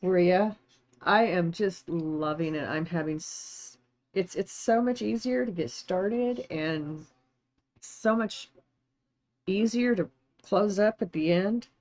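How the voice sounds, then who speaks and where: Speaking slowly in a lowish voice, a woman talks with her live-stream audience as she crafts, reading their messages and thanking them warmly. She's chatty and gets emotional to the point of tears, using a streaming microphone setup, not a phone.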